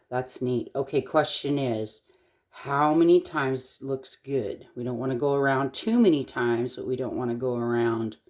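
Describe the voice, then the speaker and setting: A woman's voice: a bass voice, darkish tone. A middle-aged woman from Eastern Washington, chatting casually and thinking aloud as she shows a wire-wrapping craft, with the odd corny joke. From Eastern Washington, USA. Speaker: jewelry-making tutorial host.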